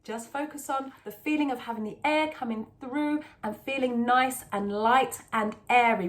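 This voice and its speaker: A woman singing teacher, possibly from the UK, giving calm, encouraging instruction in a vocal lesson with sung demonstrations. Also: on the high side, normal speed, hardly any pauses.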